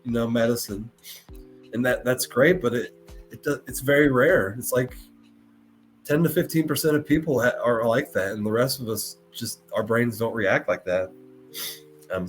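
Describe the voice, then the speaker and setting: A man's voice: medium pitch, moderate pace, soft background music. A man hosting a live podcast, talking in an earnest, emotional way and often stopping to repeat and restart his words. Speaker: podcast host.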